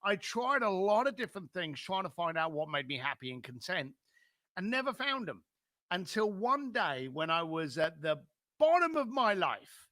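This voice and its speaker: A middle-aged man with a London accent, a podcast guest telling his life story in an animated way and acting out other people's lines. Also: high voice, moderate pace, dry recording, clean studio sound. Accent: London English. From London, England.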